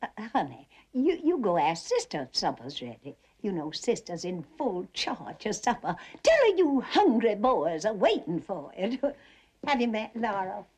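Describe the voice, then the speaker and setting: A woman's voice: mid-range voice, very animated, measured pace, darkish tone, husky. An older actress with a Southern American accent playing a chattering, genteel aging Southern mother who laughs often. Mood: gushing. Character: fluttery aging Southern belle mother, talkative. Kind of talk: television drama acting.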